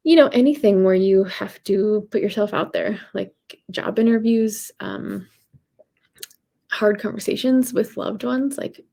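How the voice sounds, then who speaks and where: A woman's voice: medium pitch, creaky, dark tone, no echo. A woman singer and vocal coach giving chatty, encouraging advice in a casual talk, with lots of fillers.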